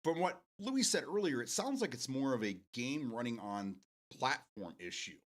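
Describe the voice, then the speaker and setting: A man's voice: medium pitch, expressive, normal speed. A man hosting a casual morning gaming talk show from his home setup, rambling with lots of restarts, swearing freely and laughing often. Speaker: show host.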